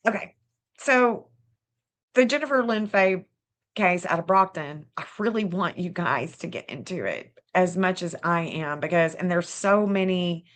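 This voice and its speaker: Southern lady talking loose on a stream, keeps restarting sentences, voice a bit low. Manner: rambling, repeats herself, frequent restarts and small laughs. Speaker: online true-crime astrology host. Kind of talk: casual livestream chat.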